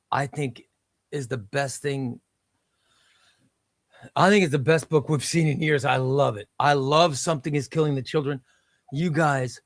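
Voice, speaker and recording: A man's voice: a little high, dry recording, clean studio sound. A man hosting a live stream, chatting about comics, reading chat aloud and repeating himself.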